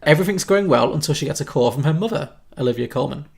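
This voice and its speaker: Podcast co-host from liverpool, higher man's voice, reading a script and laughing. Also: lively intonation, fast, gravelly, breathy edge. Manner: amused, laughs often.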